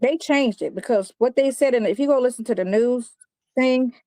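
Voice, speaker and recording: A woman's voice: a little high, moderate pace, dark tone, dry recording. A woman explaining a legal case in a rambling way, trailing off with filler sounds. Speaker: commentator.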